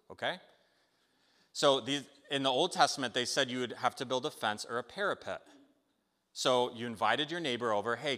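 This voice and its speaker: Animated preacher man with a bright voice. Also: mid-range voice. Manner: animated, conversational, keeps checking in with listeners. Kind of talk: sermon with storytelling. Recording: long hall reverb.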